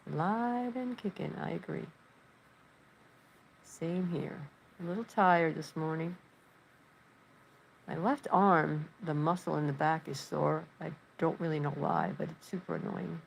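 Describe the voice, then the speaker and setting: Low, gravelly-voiced woman chatting. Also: steady tone, a little slow, long pauses, slight background noise, low-quality recording. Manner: rambling, chatty storytelling; reads chat messages aloud. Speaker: livestream host. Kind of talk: casual livestream chat. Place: her living room.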